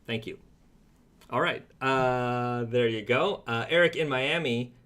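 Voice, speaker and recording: A man's voice: medium pitch, slow, a bit bright, smooth. Rambling Canadian man reading chat comments. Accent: Toronto. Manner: rambling with many fillers and restarts. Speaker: co-host of a brand live stream.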